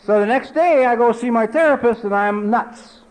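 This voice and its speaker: A man in his forties telling a personal recovery story at a meeting, talking conversationally with lots of "you know" and dropping low and quiet for emphasis. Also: moderate pace, poor audio. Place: meeting hall.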